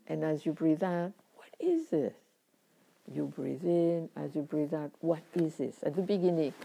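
A woman with a deep, mellow voice gives a meditation teaching. Her tone is very dark, with a gravelly edge. She speaks reflectively, in short phrases broken by frequent pauses.

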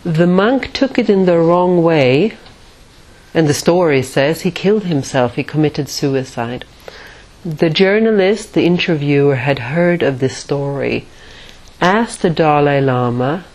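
A woman with a low voice gives a spiritual teaching talk. She speaks slowly and reflectively, with frequent pauses between her phrases. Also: a little mellow, poor audio. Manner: measured and reflective, with many pauses. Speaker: meditation teacher.

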